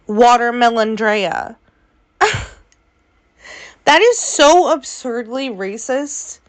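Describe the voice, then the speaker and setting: A woman vlogger giving opinionated commentary, sassy and exasperated, speaking straight at the person she criticizes. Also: a little high. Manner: sassy, exasperated, addresses her subject directly.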